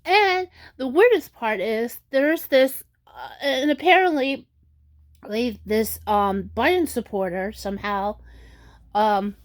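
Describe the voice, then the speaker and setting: A woman vlogger giving casual commentary, halting with many restarts and fillers, at times tearful. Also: a little high, animated. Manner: tearful and emotional in places.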